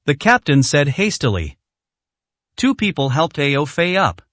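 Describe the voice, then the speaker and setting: A man narrating a story in an audiobook with expressive delivery. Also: a little high, a little slow, no echo. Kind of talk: scripted narration.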